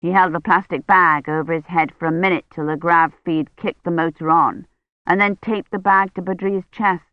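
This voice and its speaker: A woman narrating a novel in a steady, even reading voice. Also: lowish voice, normal speed, no echo. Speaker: audiobook narrator. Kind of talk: scripted narration. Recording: dull lo-fi recording.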